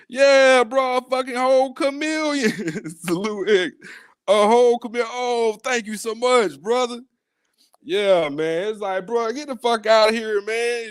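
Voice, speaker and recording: A high-voiced man hosts a casual podcast. He talks in loud, profane bursts of mock outrage and laughs between lines. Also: animated, slow, smooth, dry recording, studio quality. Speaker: podcast host. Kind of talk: casual live-stream podcast chat.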